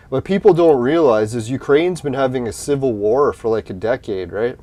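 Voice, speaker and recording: A man's voice: mid-range voice, lively intonation, fairly quick, hardly any pauses, dark tone. A man chatting casually on a livestream, rambling and swearing, laughing at his own points and talking straight to his chat viewers. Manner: addresses chat viewers directly.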